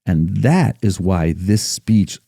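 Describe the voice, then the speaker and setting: Emphatic man with a dark, dry voice. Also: sits low, animated, takes it slowly, gravelly, no echo. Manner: emphatic, recites passages with rising force. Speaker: battlefield guide, podcast guest. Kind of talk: casual podcast discussion.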